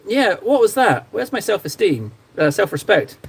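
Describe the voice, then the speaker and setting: A man hosting a relaxed livestream, joking and teasing himself as he reads chat. His delivery bounces around with a lively, wide-ranging pitch. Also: moderate pace, vocal fry, slightly rough. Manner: playful, self-mocking, jokey banter. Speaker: livestream host painting miniatures. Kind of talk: casual livestream chat, reading out chat.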